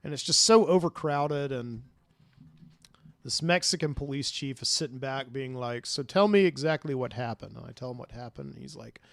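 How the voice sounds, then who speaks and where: Male podcast host, dream story, rambling, lots of fillers, mid-pitched, dry studio sound. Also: animated, moderate pace, a bit bright, no room sound.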